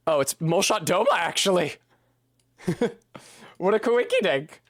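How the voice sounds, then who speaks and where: A man with a somewhat high voice thinks aloud while he plays a game on stream. His talk rambles and turns self-deprecating, with the odd swear. The recording is close and dry. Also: animated, moderate pace, dry recording. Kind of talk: casual commentary while playing.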